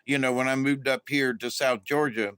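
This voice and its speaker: A man's voice: mid-range voice, steady tone, normal speed, fairly bright tone, clear, resonant tone, no room sound. A middle-aged man from Florida, hosting a casual, meandering monologue full of fillers and restarts. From Florida, USA. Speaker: channel host.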